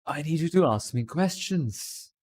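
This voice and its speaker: A man's voice: a little high, expressive, unhurried, a little mellow, breathy edge, no room sound. A man from India chatting on a livestream from his home webcam. He answers viewers' comments and talks English in a put-on British accent. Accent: British accent put on by an Indian speaker. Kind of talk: casual livestream chat.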